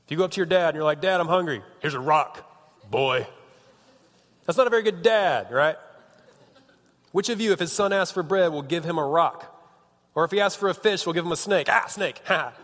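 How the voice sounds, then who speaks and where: A man's voice: high-pitched, fast, a bit bright. Joking preacher man in a reverberant hall. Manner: chatty, joking, self-interrupting. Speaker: youth pastor. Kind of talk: casual sermon. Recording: long reverb of a large hall.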